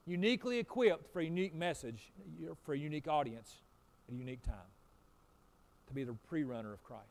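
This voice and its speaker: A pastor preaching in a fairly high voice. He drives home points with repetition, rising loud and forceful, then dropping to hushed, low asides. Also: fast talker. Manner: swings between loud emphatic preaching and quiet low asides. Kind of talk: sermon.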